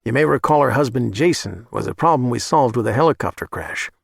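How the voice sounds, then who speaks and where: A man putting on a smug hired killer who lectures condescendingly, pitched above the narrator's usual voice. The audiobook sound is close and dry. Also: lively intonation, brisk, vocal fry, breathy edge, no echo. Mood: lecturing, smug.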